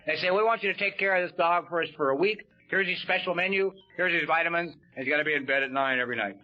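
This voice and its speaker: A man's voice: fairly high pitch, fast talker, soft background music. A man speaking at a recovery meeting, telling stories in a folksy way with casual swearing and plenty of "you know" and "man". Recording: dull lo-fi tape.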